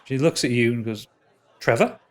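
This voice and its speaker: A man's voice: mid-range voice, lively intonation, moderate pace. A man narrating as game master of a tabletop game, often stopping and repeating words.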